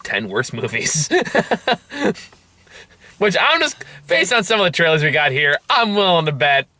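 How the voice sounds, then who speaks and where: A man with a bright, forceful voice, pitched a little high for a man. He hosts a casual movie review, sarcastic and quick to laugh, swearing freely. The sound is dry and close. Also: sing-song, dry recording. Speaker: movie review show host.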